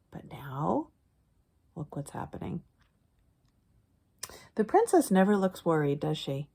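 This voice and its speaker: A woman reads a picture book aloud to children, pausing in a teacherly way to explain words and letter sounds and softly shushing between lines. Her voice is mid-range.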